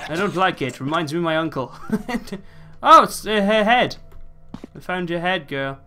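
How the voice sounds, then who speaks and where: A man narrating his own horror playthrough with a bright, slightly high voice. He jokes and curses throughout and talks back at the game characters. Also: expressive, slow, a little hiss or hum. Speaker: let's play host.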